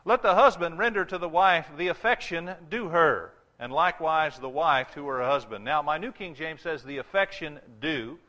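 A man preaching a sermon to his congregation, emphatic, repeating key phrases and reading scripture slowly. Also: on the high side, bright, forceful tone.

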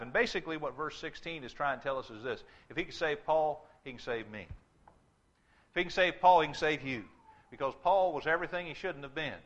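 A man with a fairly high, somewhat bright voice preaches a sermon in church, talking fast. He's emphatic, often repeating words and restarting as he drives points home, captured on a dull lo-fi recording.

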